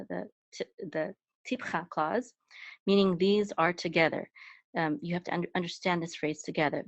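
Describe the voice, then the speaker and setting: A woman gives a step-by-step Hebrew reading lesson, patiently explaining letters with filler words. She chants words in a much higher, louder voice, and the dry recording sounds dull and lo-fi.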